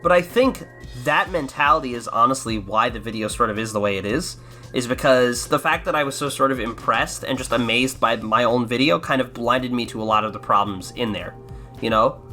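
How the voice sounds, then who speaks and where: Faint music plays behind a podcast host with an American accent whose mid-range voice is brisk, pushed and bright. His casual commentary is rambling and sarcastic, heavy on swearing, with sentences often restarted.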